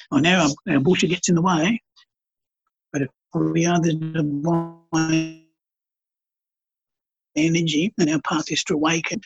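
Very husky man, passionate. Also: a little high, muffled recording. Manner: passionate, storytelling, preachy. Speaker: podcast guest, artist and healer. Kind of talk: casual spiritual conversation.

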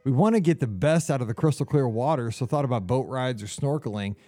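A man's voice: mid-range voice, animated, fast, warm tone, no room sound. A middle-aged man co-hosting a casual podcast, rambling and easily moved to emotion. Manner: emotional, rambling, gets choked up. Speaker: podcast co-host.

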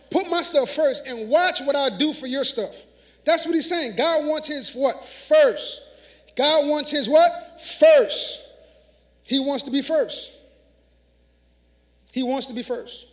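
A minister delivers a sermon in church in a very high, fairly bright voice at a measured pace. He starts off conversationally, then hammers his points home with emphatic repetition and questions tossed out to the congregation, call-and-response style.

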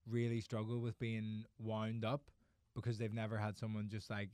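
Northern irish comedian guy, sweary and wry, smooth clean voice, dry mic. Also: on the low side, completely flat delivery, moderate pace, a little mellow, no room sound. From Northern Ireland. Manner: sweary, wry, jumps into bits with quoted voices. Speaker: comedian and podcast co-host. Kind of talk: casual podcast banter.

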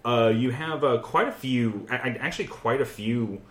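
A man's voice: mid-range voice, normal speed, a bit bright, reverberant. A man co-hosting a casual podcast chat, rambling with lots of fillers as he geeks out about beer. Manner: rambling, many "uh" fillers, enthusiastic and geeky. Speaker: podcast co-host, beer expert.

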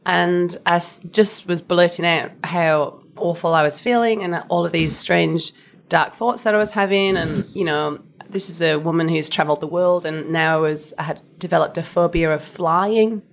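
A woman's voice: fairly low pitch, normal speed, gravelly, a little hiss or hum. A woman, a podcast guest chatting candidly in a casual interview, full of fillers. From Australia.

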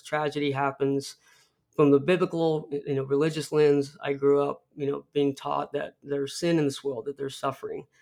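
Slightly high-voiced man telling his story. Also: creaky, a little mellow. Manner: rambling, many restarts, acts out film quotes. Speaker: podcast guest. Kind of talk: personal storytelling.

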